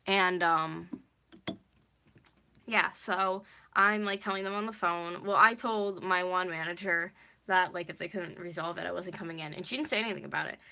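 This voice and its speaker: A woman in her twenties rambles through a casual storytime vlog, saying "like" constantly and swearing now and then. Her voice sits fairly low, with vocal fry and a sharp edge, and she talks at a moderate pace.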